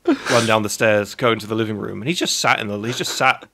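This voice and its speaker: A man's voice: lowish voice, steady tone, fast, vocal fry, bright, forceful tone. A man hosting a casual podcast chat, telling anecdotes and swearing freely. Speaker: podcast host.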